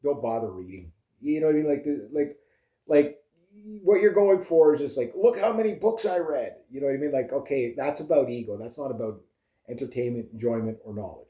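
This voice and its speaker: A man's voice: medium pitch, expressive, a little fast, mellow. A man vlogging in a loose casual chat, rambling with lots of fillers and restarts. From Canada. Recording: echoey room.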